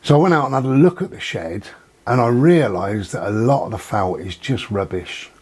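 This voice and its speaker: A man's voice: on the low side, expressive, moderate pace, darkish tone, breathy edge. A man talking casually to camera, telling rambling anecdotes and acting out what he and others said. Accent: not local to Dorset. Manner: chatty storyteller, acts out quoted exchanges. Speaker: vlogger. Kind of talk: casual monologue.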